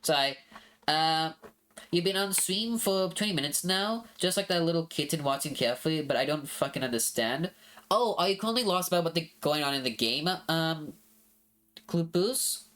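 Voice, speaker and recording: A woman's voice: sits low, expressive, normal speed, fairly bright tone. A woman streamer explaining a game to chat in a rambling, apologetic way, swearing casually.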